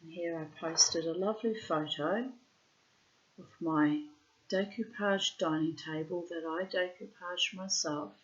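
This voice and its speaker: A woman's voice: on the low side, muffled recording. A woman reading her own diary entries aloud, dramatic and emphatic, with blunt swearing.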